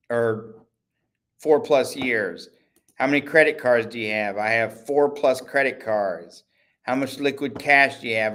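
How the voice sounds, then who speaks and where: A man talking off the cuff on his own livestream, chatty and rambling, with a salesman's pitch. He often stops mid-sentence to correct himself, and his voice sits at an ordinary middle pitch. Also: a bit bright. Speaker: host and network owner. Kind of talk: casual livestream talk.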